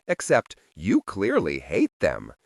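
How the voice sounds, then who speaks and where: A man voicing a curious, wry young woman who turns soft-spoken. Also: deep voice, wildly swooping pitch, slow pace, vocal fry, husky, no echo, studio quality, full character voice. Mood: teasing.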